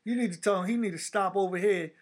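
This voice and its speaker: A middle-aged man from the Bronx, telling animated stories in casual chat and acting out the people he quotes. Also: high-pitched, fast. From the Bronx, New York. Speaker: storyteller in a casual conversation.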